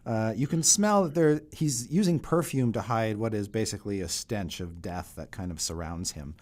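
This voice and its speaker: A man narrating a tabletop game as dungeon master, describing scenes unhurriedly with frequent pauses. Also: on the low side, a little mellow.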